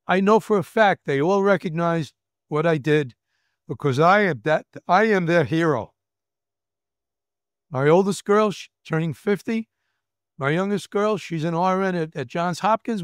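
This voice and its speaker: A man's voice: on the high side, moderate pace, smooth, no room sound, studio quality. A man in his seventies with a New York accent, a retired federal agent telling his story in a candid interview, emphatic and repeating words. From Brooklyn, New York. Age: 70s. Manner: emphatic, acts out quoted voices, repeats words.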